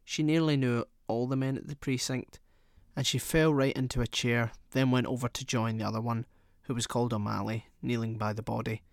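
A man narrating a short story in a measured storytelling manner. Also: medium pitch, fairly even intonation, gravelly, no room sound, clean studio sound. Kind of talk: audiobook narration.

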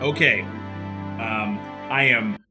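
A man's voice: on the low side, extremely slow, music in the background. A man playing a tabletop game, joking in a wry, playful way. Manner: jokey, wry. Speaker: player. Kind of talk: casual tabletop play.

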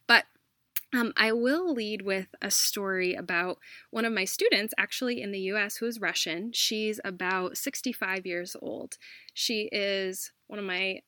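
A woman talks about her teaching work in an earnest, reflective way, pausing and restarting as she thinks. Her pitch sits in the middle range, and she laughs softly now and then. The recording is dry and close, with no room sound. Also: no echo. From United States. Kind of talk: casual conversational storytelling.

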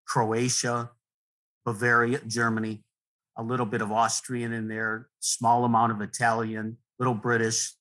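Husky middle-aged man, rambling and earnest. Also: mid-range voice, poor audio. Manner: rambling, earnest, frequent restarts and soft laughs. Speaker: guest poet. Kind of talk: relaxed conversational interview.

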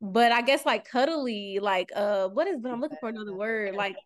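Reflective woman pausing for words. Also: a little high. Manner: reflective, searches for words, laughs softly. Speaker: podcast co-host. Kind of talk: casual podcast chat.

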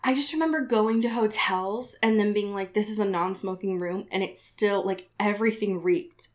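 A woman's voice: mid-range voice, normal speed. A woman co-hosting a casual book podcast, chatty and full of fillers, often breaking into laughter. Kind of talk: casual chat recapping a book.

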